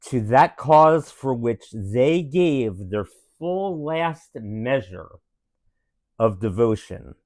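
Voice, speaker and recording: A parent putting on the voice of a solemn 1860s statesman, reading a famous speech slowly and gravely with long pauses. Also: medium pitch, lively intonation, darkish tone, no room sound, pitched below the performer's own voice. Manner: slow, grave, with drawn-out pauses. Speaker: parent reading aloud to children.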